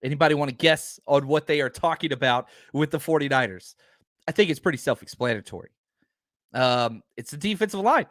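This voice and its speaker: An energetic man hosts a live podcast, chatting with his viewers and rambling happily through his points with plenty of fillers. His voice sits a little high for a man. The sound is close and dry, with no room around it. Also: fairly quick, no echo. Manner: enthusiastic, rambling with many fillers. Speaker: podcast host. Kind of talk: live-stream podcast chat.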